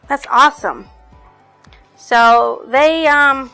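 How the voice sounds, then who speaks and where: A woman recapping a novel's plot in a bright, ringing voice, chatty and rambling with plenty of fillers and a casual curse or two. Faint music sits softly behind her. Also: fairly high pitch, slow. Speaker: book reviewer.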